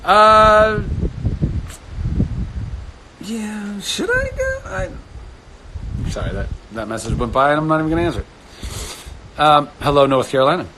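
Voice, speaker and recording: A man in his thirties hosting a casual live stream from home, chatting with viewers, animated and laughing often. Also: measured pace, pauses often, a little hiss or hum, low-quality recording. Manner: animated, laughs often, jumps to sudden high exclamations. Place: home studio indoors.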